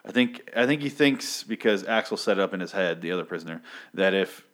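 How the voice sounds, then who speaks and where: A man's voice: low-pitched, animated, a little fast, fairly bright tone. A man casually recapping a comic book issue, rambling and profane, with many filler ums and restarts.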